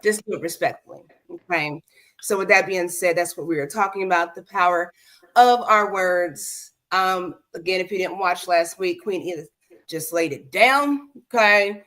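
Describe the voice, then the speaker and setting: A woman's voice: on the low side, normal speed, a bit bright. Woman hosting a chatty livestream. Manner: addresses viewers directly, keeps asking "okay?". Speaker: host. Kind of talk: casual livestream talk.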